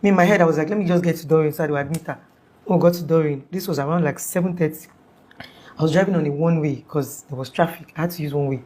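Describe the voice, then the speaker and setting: Fast-talking Nigerian woman telling a story. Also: low-pitched. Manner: animated, acts out quoted speech, many restarts. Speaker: guest recounting an event. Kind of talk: conversational storytelling.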